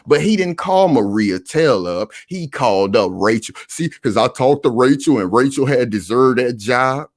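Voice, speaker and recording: Animated man hosting reaction commentary. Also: medium pitch, normal speed, few pauses, dry recording, studio quality. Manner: animated, repetitive, addresses the audience directly. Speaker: online commentary host.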